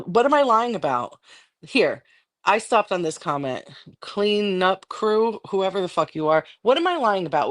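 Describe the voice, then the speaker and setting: A middle-aged woman on a livestream, ranting angrily and defiantly with constant swearing. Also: mid-range voice. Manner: angry, defiant, profane. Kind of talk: heated livestream rant.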